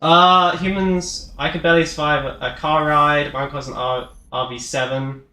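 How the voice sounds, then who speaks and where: A man's voice: on the high side, steady tone, normal speed, pushed and bright, a little hiss or hum. A man, chatting casually and rambling with self-deprecating jokes while streaming a game. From Canada. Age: 20s. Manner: rambling, self-deprecating, jokey, lots of "like" fillers. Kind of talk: casual gameplay live-stream chat.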